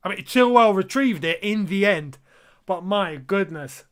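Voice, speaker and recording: A young man with a high, expressive voice hosts a live football watchalong at a measured pace. He reacts with exasperation and disbelief, talking to his viewers directly as if they were his lads, in live match reaction and commentary.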